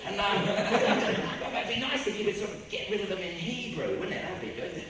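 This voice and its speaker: Rambling English raconteur, lively pitch, slightly high; recorded far off in a very reverberant space. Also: male voice, moderate pace. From England. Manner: rambling, animated, with self-repeats and impressions. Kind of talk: anecdotal storytelling. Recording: very echoey room, distant mic, ambient noise.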